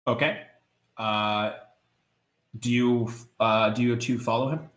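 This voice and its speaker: A man narrating as game master of a tabletop game, describing scenes hesitantly with many filler pauses. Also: mid-range voice, steady tone, a bit bright, echoey room.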